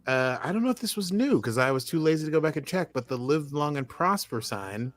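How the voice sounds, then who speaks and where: A man's voice: on the high side, animated, brisk. An American man talking through a TV episode with a co-host, in an easygoing, rambling way. He keeps restarting his sentences and leans on fillers as he goes. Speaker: podcast co-host. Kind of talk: casual chat recapping a TV episode.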